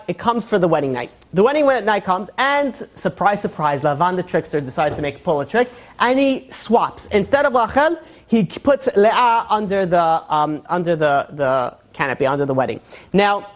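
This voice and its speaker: A religious teacher giving a casual Torah lesson, rambling with many fillers and joking asides. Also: mid-range voice.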